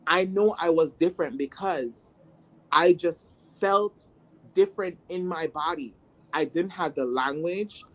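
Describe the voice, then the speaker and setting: A trans woman from Jamaica tells her life story in casual talk, speaking on the low side and unhurried. She's animated, acting out what she once thought with exclamations.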